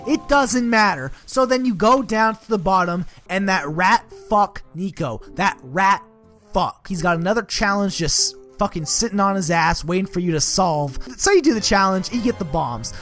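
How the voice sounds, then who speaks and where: A man's voice: sits high, fairly bright tone. A young man giving a comedic, sarcastic game recap, swearing constantly and full of filler words.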